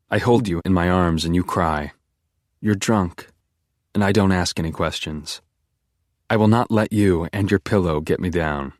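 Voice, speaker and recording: A man's voice: deep voice, no echo, studio quality. A man reading a first-person audiobook with an intense, obsessive inner monologue. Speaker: audiobook narrator.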